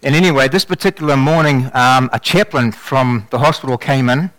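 Animated New man preaching testimony. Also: mid-range voice, a little fast, no room sound. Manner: animated storytelling with many restarts. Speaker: lay preacher giving testimony. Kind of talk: sermon testimony.

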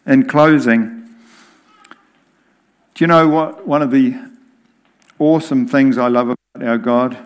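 A man preaching a sermon in a deliberate, emphatic way. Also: medium pitch, steady tone.

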